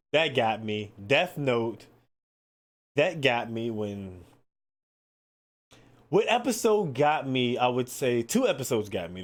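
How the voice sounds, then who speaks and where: A man hosting his own podcast, chatting casually in a loose, excitable way, swearing freely and filling his talk with "like" and "man". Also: medium pitch. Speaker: podcast host. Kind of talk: casual solo podcast chat.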